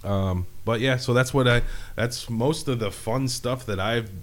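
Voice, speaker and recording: A man with a medium-pitched, unhurried voice co-hosts a podcast, talking about metal shows in a casual, profane, rambling chat. His manner is laid-back, profane and rambling.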